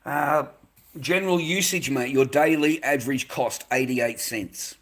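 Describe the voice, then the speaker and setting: A man's voice: mid-range voice, measured pace. Foul-mouthed Australian man ranting. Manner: profane, repetitive, says "mate" constantly. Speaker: vlogger. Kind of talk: ranting monologue to camera.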